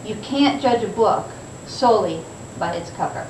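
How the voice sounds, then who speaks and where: A woman's voice: mid-range voice, lively intonation, normal speed, heavy background noise. Echoey woman telling a story from afar. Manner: dramatic, acts out quotes in voices. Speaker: speaker. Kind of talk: motivational storytelling speech. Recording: echoey room recorded from far off.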